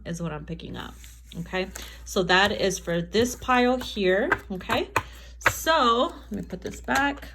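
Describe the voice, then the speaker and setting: A woman's voice: medium pitch, moderate pace, a bit bright. A woman giving a casual tarot reading to camera, chatty and profane, often laughing and acting out quotes. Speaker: tarot reader.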